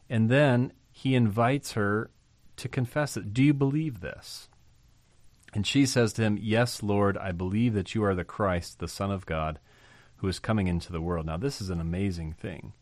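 A man's voice: on the low side, no room sound. A man teaching a Bible passage in a conversational way, asking rhetorical questions and thinking aloud. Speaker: preacher.

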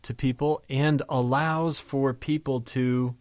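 A man's voice: a little high, measured pace, few pauses, a little mellow, no room sound. A man teaching from the Bible in a conversational way, reading verses aloud and asking the listeners rhetorical questions with enthusiasm. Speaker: pastor.

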